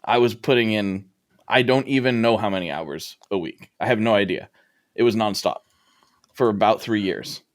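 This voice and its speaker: Speaking at a normal pace in a fairly low voice, a middle-aged man hosting a podcast reflects on his own story during a casual interview conversation. Along the way he voices his past thoughts aloud.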